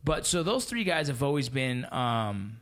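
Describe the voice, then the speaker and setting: A man in his thirties telling stories in casual podcast chat, animated and profane with lots of slang. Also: medium pitch, unhurried.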